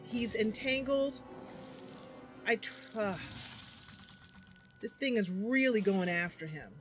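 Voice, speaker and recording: A woman's voice: medium pitch, lively intonation, slow pace, faint music behind. A woman streaming a video game, thinking aloud over her moves and breaking into sudden cries when things go wrong. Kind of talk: livestream game commentary.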